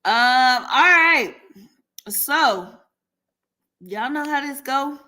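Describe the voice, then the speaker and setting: A woman hosts a casual live stream in an unhurried, chatty way and laughs often. Her voice sits a little high and sounds bright and sharp. She keeps breaking off to talk to her dog. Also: expressive.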